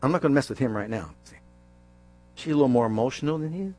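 A male preacher giving a sermon, animated and jokey, acting out scenes as he goes. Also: medium pitch, very fast, soft background music.

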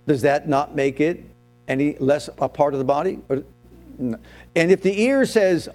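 A man's voice: fairly high pitch, moderate pace, darkish tone, faint music behind. A man preaching a sermon as pastor, telling his own story and asking the congregation questions.

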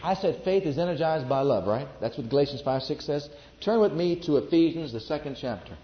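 A man's voice: on the high side, lively intonation, fairly quick. A man preaching a sermon to a congregation, emphatic and repeating his declarations. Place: church before a congregation. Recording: echoey, dull lo-fi recording.

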